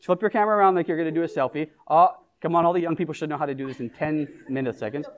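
A pastor with a notably high voice delivers a casual, conversational sermon. He keeps turning to the congregation with questions and light jokes, as if chatting with them. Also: very fast. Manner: engages the congregation with questions and humor.

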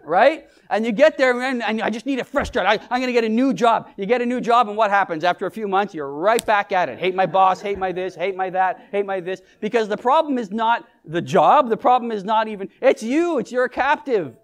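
A man's voice: high voice, animated, fairly quick, few pauses. A man preaching a conversational sermon as pastor, often asking the congregation questions and joking with them. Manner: engages the congregation with questions and humor.

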